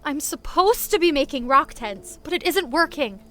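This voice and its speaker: A man's voice: animated, normal speed, sharp tone, full character voice. A man reading an audiobook, voicing an anxious young woman whose power has failed. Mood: panicked. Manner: panicky, high put-on voice.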